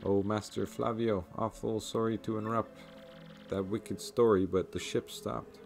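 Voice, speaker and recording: A gruff, impatient ship's sailor who grumbles in clipped, salty phrases, as a man puts him on. The voice rides fairly low. Faint game music sits behind it. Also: flat delivery, a little slow, darkish tone. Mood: apologetic.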